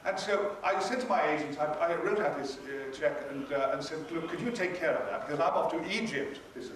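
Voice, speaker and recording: A man's voice: a little high, fairly quick, fairly bright tone. An older man telling a wry, theatrical story as a convention panel guest, acting out the other people's lines. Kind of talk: anecdotal storytelling. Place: convention hall. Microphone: audience recording from far off. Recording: echoey hall recorded from a distance with noise.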